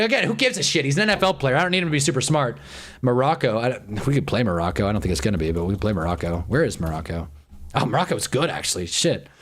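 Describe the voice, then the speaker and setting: A man hosting a livestream in casual chat, thinking aloud, muttering and swearing now and then. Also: mid-range voice. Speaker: livestream host. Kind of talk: casual live-stream chat.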